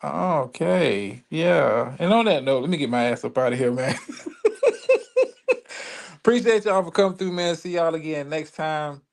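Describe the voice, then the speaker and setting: A man's voice: a little high, lively intonation, measured pace, creaky. A tired man hosting a live stream and signing off from his phone. He rambles casually and swears freely. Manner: profane, loose, rambling. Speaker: stream host.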